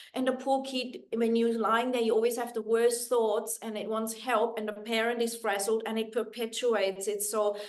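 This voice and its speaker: A woman guest on an interview, earnestly explaining sleep habits, her phrases often trailing off softly. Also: fairly high pitch.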